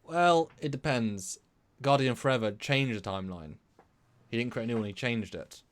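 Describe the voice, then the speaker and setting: A man from England co-hosting a live stream discussion, talking in an animated, rambling way with many restarts. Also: mid-range voice, moderate pace. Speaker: co-host.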